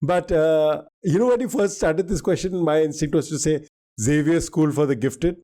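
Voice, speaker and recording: A man's voice: a little high, normal speed, mellow. A man from India on a quiz podcast, guessing answers aloud in a jokey, casual way. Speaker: quiz co-host.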